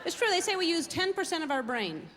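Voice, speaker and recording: A middle-aged woman does stand-up on a large theater stage before a live audience, rambling through everyday stories with self-mocking, observational humor. Her voice is extremely high, very animated, fast and fairly bright. The reverberant hall carries crowd and background noise.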